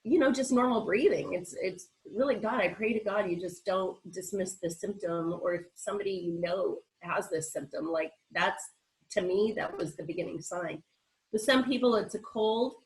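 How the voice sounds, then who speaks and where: A woman's voice: on the low side, normal speed, rough recording. A woman guest speaker on a video call, short of breath and nasal from congestion, telling her story candidly with quoted dialogue. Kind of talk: personal account on a virtual meeting.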